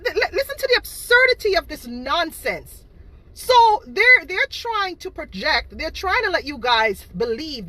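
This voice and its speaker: On a low-quality recording, a woman from Boston, Massachusetts with a higher, pushed, bright voice vents directly at the camera. She sells cakes from home, and she hits back at her critics with indignant emphasis, saying the same things over and over.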